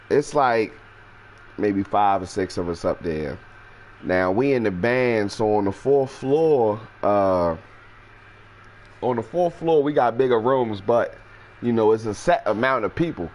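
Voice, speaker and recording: A man telling a story in a casual, animated and profane way, jumping into high voices when quoting people. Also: a little hiss or hum. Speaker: storyteller host.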